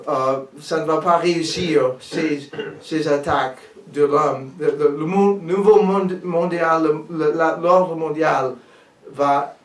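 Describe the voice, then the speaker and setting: American male pastor, bilingual sermon, halting in his second language; echoey room, mic kept at a distance. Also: fairly high pitch. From United States. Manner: switches between English and French, halting restarts in French.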